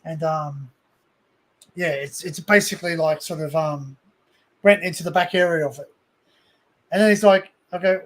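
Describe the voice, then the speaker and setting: A man's voice: a little high, moderate pace, pauses often, fairly bright tone. An Australian man hosting a casual live stream chat, telling rambling anecdotes with lots of asides. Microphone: desktop USB mic on a stream call.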